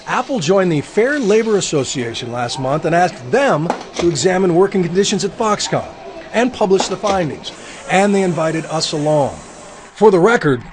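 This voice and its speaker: A man's voice: high-pitched, noisy background. Earnest male news reporter. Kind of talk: news report narration and studio chat.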